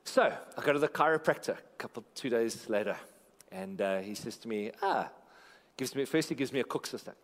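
A man's voice: medium pitch, lively intonation, fairly quick. A man preaching a sermon as a pastor, telling a story in a playful way and joking with the congregation. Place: large church auditorium. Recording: long hall reverb in a church auditorium.

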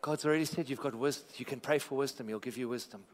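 A man's voice: mid-range voice, fast. A man preaching a sermon as a pastor, telling a story in a playful way and joking with the congregation. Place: large church auditorium. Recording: long hall reverb in a church auditorium.

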